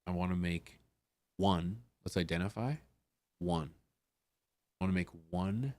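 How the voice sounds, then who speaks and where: A man's voice: low voice, a little slow, a little mellow, no echo. A man hosting a casual livestream, laughing and muttering to himself as he sorts out his monitors. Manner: laughing, muttering to himself while fixing tech. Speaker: livestream host.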